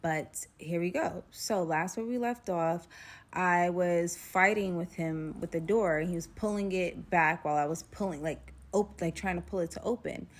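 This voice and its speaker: A woman's voice: lowish voice, normal speed. A young adult woman recounting a personal story in a casual vlog, rambling and filler-heavy.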